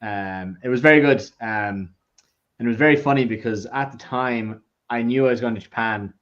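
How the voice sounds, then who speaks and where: Man, tasting-club host, conversational anecdotes, mid pitch, muffled lo-fi audio. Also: moderate pace. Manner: chatty anecdotes, acts out quoted people. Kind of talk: casual chat, livestream tasting. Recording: dull lo-fi sound.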